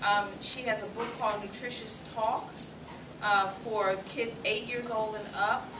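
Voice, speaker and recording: An older woman giving a short, halting, grateful testimonial at a meeting, speaking as a grandparent. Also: mid-range voice, steady tone. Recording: echoey hall, distant mic, loud background noise.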